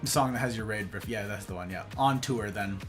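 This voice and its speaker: This livestream host has a fairly low voice and speaks a little fast. Casual and playful, he reacts to his viewers' chat with animation, and faint music runs underneath.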